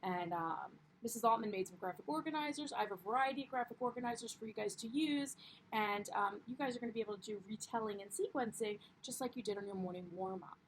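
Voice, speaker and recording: A woman's voice: fairly high pitch, quick pace, a little hiss or hum, rough recording. A young woman teaching a primary class, upbeat and encouraging, with frequent ums as she explains the lesson. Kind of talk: classroom read-aloud lesson.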